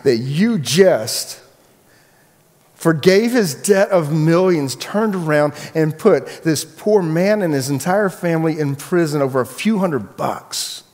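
A man's voice: a little high, animated, takes it slowly, darkish tone, pitched above the performer's own voice. A man doing an indignant tattling bystander. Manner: indignant, urgent. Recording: long echoey hall reverb.

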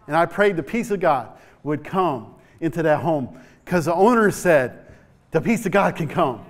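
Preaching man with a higher voice. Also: lively intonation, moderate pace. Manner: storytelling preacher, repeats words, rises to shouts. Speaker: pastor. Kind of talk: sermon. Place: church.

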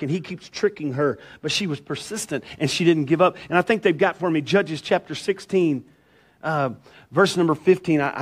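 A male pastor, preaching a sermon in church with animated storytelling and jokes for the congregation. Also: sits high. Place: church sanctuary.

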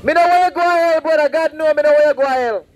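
The voice is a man's, extremely high-pitched and quick, caught on a low-quality recording. He's a street preacher from Saint Vincent delivering open-air preaching at the roadside, fervently and repetitively warning and pleading with passersby.

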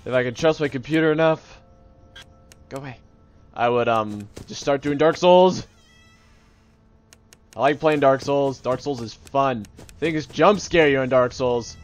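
A young man giving casual, joking let's-play commentary on a game, jumpy and yelling at it when startled. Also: medium pitch, a little slow, pauses often, soft background music. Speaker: gaming video host.

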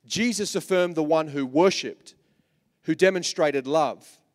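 A man with an Australian accent preaching a sermon as pastor, animated, swinging from soft asides to loud repeated lines. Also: fairly high pitch, unhurried. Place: large church hall. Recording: long reverb of a church hall.

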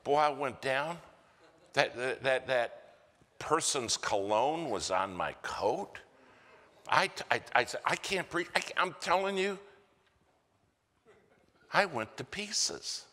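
Animated American preacher in a reverberant church. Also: male voice, mid-range voice, takes it slowly, long pauses. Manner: animated storyteller acting out quoted voices. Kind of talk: storytelling sermon. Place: church sanctuary.

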